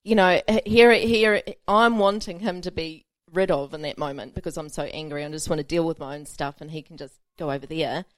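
A woman's voice: low-pitched, a little fast, few pauses, no room sound. A woman pastor preaching a sermon, telling a self-mocking personal story with frequent laughter.

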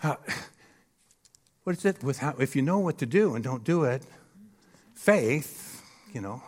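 Animated male preacher, rhetorical asides. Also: medium pitch, measured pace. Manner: animated and emphatic, with frequent rhetorical "Hello?" checks. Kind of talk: sermon. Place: church stage before a live audience.

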